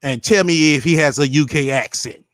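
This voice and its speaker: A man's voice: a little high, moderate pace, a bit bright, no room sound. A man doing casual reaction commentary, talking bluntly and with profanity straight to his viewers. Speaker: commentary streamer.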